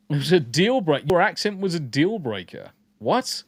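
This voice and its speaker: A man's voice: a little high, no echo. A man hosting a casual podcast, reading the live chat and ranting bluntly with plenty of swearing. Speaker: podcast host.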